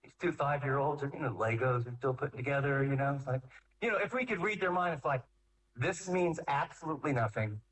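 A man talking about raising kids, recorded from some distance from the mic. He keeps acting out little scenes, pitching up into exasperated scolding and dropping into slow, deep, calm commands. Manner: acts out parents and kids, swings between loud scolding and slow deep calm. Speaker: speaker on parenting. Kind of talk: animated talk with acted-out voices.

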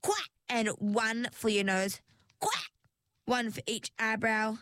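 A woman's voice: on the high side, fairly even intonation, takes it slowly, fairly bright tone, no echo. A woman voicing a plucky young mermaid heroine who talks in an eager, playful way in a storybook reading.

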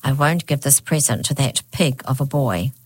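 A woman's voice: a bass voice, moderate pace, slightly rough, no echo. A sulky, stubborn hag, as a woman reads her. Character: sulky fierce female hag.

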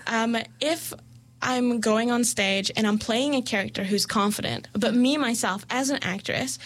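A woman's voice: a little high, moderate pace. A young woman in casual conversation, talking freely and filling her speech with "like" and small laughs. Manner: chatty, heavy use of "like", laughs easily. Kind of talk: casual chat.

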